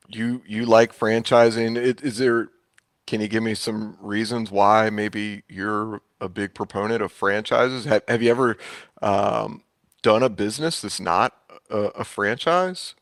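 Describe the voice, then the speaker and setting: A man's voice: lowish voice, steady tone, measured pace, no echo, studio quality. A man hosting a casual interview, asking hesitant questions with frequent restarts. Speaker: podcast host.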